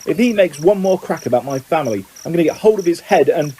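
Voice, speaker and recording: Storybook teen boy, quick-tempered, blustering delivery; man reads him. Slightly high, mellow. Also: lively intonation, slight background noise, close to an everyday voice, low-quality recording. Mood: agitated. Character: young teenage boy, hot-tempered and blunt.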